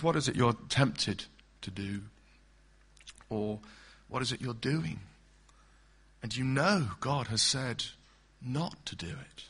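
Male preacher, bright lively voice, earnest and emphatic, keeps asking the congregation questions. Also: mid-range voice, husky. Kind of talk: expository sermon.

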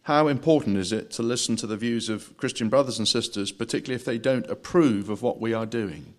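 A man moderating a church Q&A, reading out audience questions in a measured, plain way. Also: mid-range voice.

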